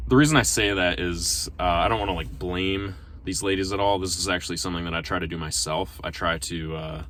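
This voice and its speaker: A man with a very low voice tells a casual vlog story into his phone while sitting in his car. He rambles and restarts sentences, filling gaps with "um" and "like", and sounds a little self-conscious. A faint hum of vehicle noise runs underneath. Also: fairly even intonation, a little fast, hardly any pauses, fairly bright tone. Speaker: restaurant server. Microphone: phone held in front of him.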